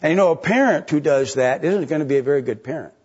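A middle-aged man preaching a sermon in a conversational way, asking rhetorical questions and jumping up in pitch to stress a point. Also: expressive, fast, a little mellow, husky, muffled recording. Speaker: pastor.

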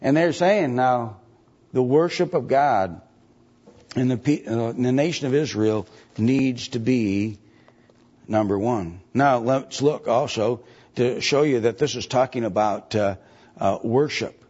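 Slow emphatic male preacher, husky. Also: mid-range voice, darkish tone. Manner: slow, rising to emphatic repeated questions; reads archaic scripture aloud. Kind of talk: sermon with scripture reading. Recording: dull lo-fi recording.

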